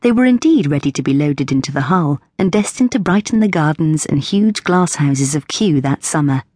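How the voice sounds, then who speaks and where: A woman with a low, husky voice reads an audiobook in a steady, measured manner. She is recorded close on a studio microphone in a dry booth. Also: no echo. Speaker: audiobook narrator. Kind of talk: scripted audiobook narration.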